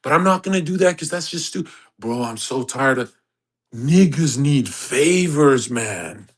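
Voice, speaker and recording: A man's voice: mid-range voice, animated, unhurried, slightly rough. A man hosting a livestream, talking in a brash, profane rant and mocking others in put-on voices. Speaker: host. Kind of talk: livestream monologue.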